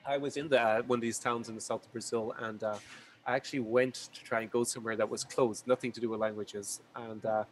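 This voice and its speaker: Fast-talking enthusiastic male storyteller. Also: mid-range voice, flat delivery, slight background noise, low-quality recording. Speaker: language YouTuber guest. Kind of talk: casual video call chat. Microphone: video call.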